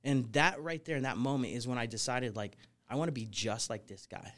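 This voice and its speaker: A young man with a medium-pitched voice speaks fairly quickly as a guest on a podcast. He's a snake wrangler, and he relates his life casually and with plenty of energy, rambling and filling gaps with "you know" and "like."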